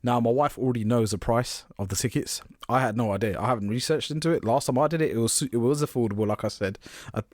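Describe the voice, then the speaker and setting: A man's voice: medium pitch, quick pace, few pauses, a little mellow, dry recording, studio quality. A young man co-hosting a podcast, animatedly retelling a story in casual chat and laughing often. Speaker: podcast co-host.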